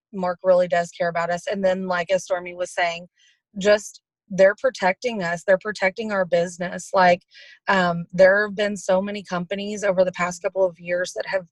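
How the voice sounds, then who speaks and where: A woman's voice: on the low side, no room sound. A woman who shares a heartfelt conference recap on a video call, earnest and full of fillers. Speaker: team member sharing a conference recap. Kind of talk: casual testimonial on a video call.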